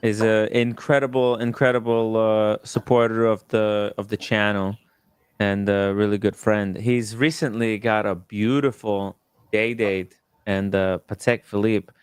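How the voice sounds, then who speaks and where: A man's voice: lowish voice, little pitch movement, measured pace, clear, resonant tone, no room sound, clean studio sound. A man hosting a livestream, chatting casually with many fillers and repeated words. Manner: fillers and repeated words, reads super chats aloud. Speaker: host of a watch livestream.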